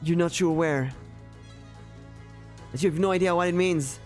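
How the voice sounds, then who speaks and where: A woman narrating a tabletop game as game master, playful and lively. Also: fairly low pitch, normal speed, soft background music.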